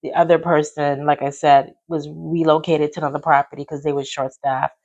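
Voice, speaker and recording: A woman telling a personal work story in a casual, animated way, acting out what others said. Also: low voice, a little fast, highs cut off. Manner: animated, acts out quotes of others. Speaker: podcast host telling her story.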